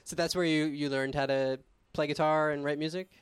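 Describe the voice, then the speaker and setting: A man with a fairly high, smooth, clear voice hosts a loose chat, asking questions with a playful, joking edge. His tone stays easy and sociable. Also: steady tone, brisk, no room sound. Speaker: radio show host. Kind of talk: casual radio interview.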